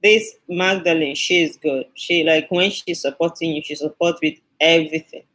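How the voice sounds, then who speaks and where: A woman's voice: low-pitched, fairly even intonation, moderate pace, a bit bright, poor audio. A woman hosting a skincare live stream, chatting with viewers and thanking them effusively, often repeating her phrases. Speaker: skincare channel host.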